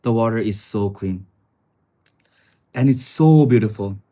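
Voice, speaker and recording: Streaming live from his little river-view studio apartment, a young Chinese man chats easily with viewers. The voice is fairly low and dark, and he talks a little slowly. He's conversational, says "guys" to his viewers, and answers what people write in chat.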